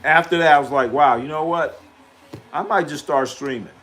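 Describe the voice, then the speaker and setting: A man's voice: fairly high pitch, moderate pace, a bit bright, faint music behind. Trash-talking man hosting a live stream. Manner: trash-talking, repeats himself, reads chat aloud. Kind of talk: casual live-stream chat.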